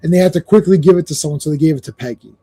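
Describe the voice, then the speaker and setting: Guy rambling about comics on a podcast, kinda dark mellow tone, laughs a lot. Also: fairly high pitch, rapid-fire. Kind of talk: casual chat.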